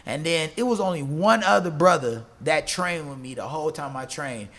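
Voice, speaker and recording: Podcast guest, man in his forties, high gravelly voice, animated storyteller who laughs often. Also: moderate pace. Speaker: gym owner and Muay Thai trainer.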